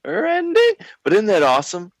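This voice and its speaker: A man's voice: mid-range voice, moderate pace, a bit bright, no echo. A man co-hosting a casual podcast who laughs easily and throws in teasing one-liners. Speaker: podcast co-host. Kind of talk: casual chat.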